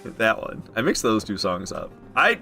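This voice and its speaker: A man's voice: lowish voice, big pitch swings, moderate pace, gravelly, sharp tone, soft background music. A man streaming a video game, rambling and joking through casual commentary and swearing freely.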